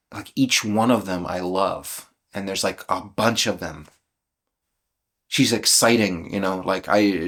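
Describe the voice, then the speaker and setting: A man in his fifties speaks in a candid, searching way, putting questions to himself and answering them aloud. His talk is earnest and emotional, open and vulnerable, and now and then broken by soft laughs. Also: on the low side. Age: 50s. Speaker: channel host. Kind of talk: reflective spoken self-inquiry.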